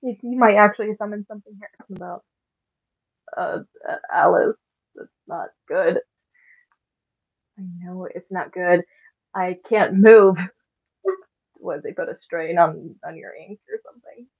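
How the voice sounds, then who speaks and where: A woman's voice: on the low side, unhurried, long pauses, breathy edge. A woman voicing a frightened young male ink creature in a Minecraft roleplay, stammering, panicky and pleading. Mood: scared. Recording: dull lo-fi mic.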